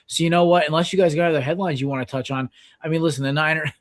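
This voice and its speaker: A man's voice: on the high side, very fast. A man in his thirties hosting a casual sports podcast, rambling with lots of fillers and restarts. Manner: rambling, filler-heavy, excitable. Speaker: podcast host.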